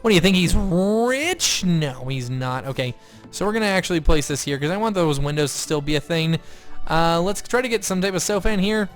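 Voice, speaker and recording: A young man giving excitable let's-play commentary, gushing loudly one moment and muttering the next. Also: on the high side, fairly quick, faint music behind. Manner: excitable, gushing, swings between loud outbursts and quiet mutters. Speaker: gaming YouTuber.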